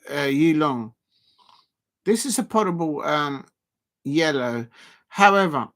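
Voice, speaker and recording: Brief: male stream host, fairly high voice, rambling self-deprecating live match commentary. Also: a bit bright. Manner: chatty and rambling, self-deprecating, with frequent filler pauses. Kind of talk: casual live snooker commentary.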